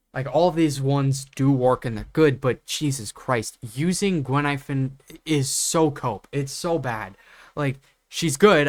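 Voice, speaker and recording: A young man rants unscripted into a desk mic, exasperated and swearing freely. His talk is full of fillers and restarts. The sound is dry and close, at a middling pitch. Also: dry recording. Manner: exasperated, profane, many fillers. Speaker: gaming YouTuber. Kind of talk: unscripted rant.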